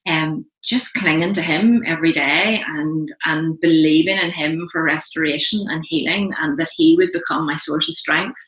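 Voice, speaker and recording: Woman, interview guest; bright, lowish voice, earnest and halting in an echoey room. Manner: earnest, halting, many restarts. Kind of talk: casual interview, personal testimony. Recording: roomy echo.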